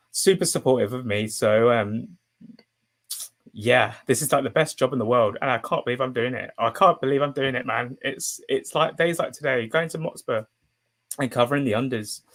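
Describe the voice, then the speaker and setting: Young guy streaming, rambly and um-heavy, gets all excited and emotional. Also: mid-range voice. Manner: rambling, full of fillers and restarts. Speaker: football journalist streaming live. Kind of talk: casual live stream chat.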